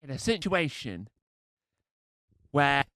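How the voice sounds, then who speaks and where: A man's voice: medium pitch, sing-song, slow, bright, forceful tone, dry recording, rough recording. A man with a cold doing a rambling, self-deprecating live stand-up set. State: has a cold. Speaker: stand-up comedian.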